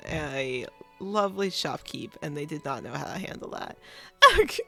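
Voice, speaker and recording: A woman's voice: sits low, huge pitch swings, normal speed, gravelly, pushed and bright. A woman running a tabletop game and hosting a live stream, chatting and laughing while she fixes technical issues. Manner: laughing, upbeat, multitasking. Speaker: game master and stream host. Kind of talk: casual chat on a live stream. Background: background music.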